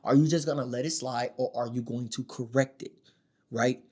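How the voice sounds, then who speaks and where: A man giving dating advice in a casual monologue to the camera, emphatic and slangy, often checking in with his listeners. His voice is not especially deep. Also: steady tone, moderate pace, warm tone, breathy edge. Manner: emphatic, slangy, keeps checking in with "all right?" and "my dog".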